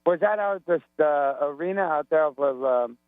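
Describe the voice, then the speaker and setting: A man's voice: fairly high pitch, moderate pace, no room sound. A man calling in to a sports radio show, hungover, rambling and joking. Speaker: radio caller. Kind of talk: casual phone call to radio show. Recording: tinny phone line with hum.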